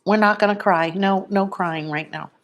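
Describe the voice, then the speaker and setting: A woman chatting casually on a live stream at home, showing her pet lizard and talking softly about it, into a plugged-in microphone. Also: mid-range voice, steady tone, moderate pace, dull audio. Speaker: vlogger.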